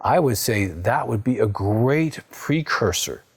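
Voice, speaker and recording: A man's voice: mid-range voice, lively intonation, takes it slowly, husky. A man in his sixties, a psychologist giving a direct, coaching talk to viewers and often checking in with "okay?". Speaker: psychologist and recovery counselor.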